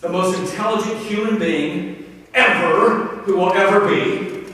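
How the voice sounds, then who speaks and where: A man's voice: high-pitched, measured pace, fairly bright tone. A man preaching a sermon as pastor, chatty and self-deprecating, telling stories with quoted voices. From Ohio. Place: church sanctuary. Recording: reverberant church hall, mic at a distance.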